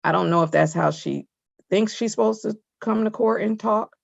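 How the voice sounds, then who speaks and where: Woman judge, stern lecture, gravelly voice, dry close sound, dull lo-fi video call audio. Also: mid-range voice, no echo. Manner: firm, scolding, measured.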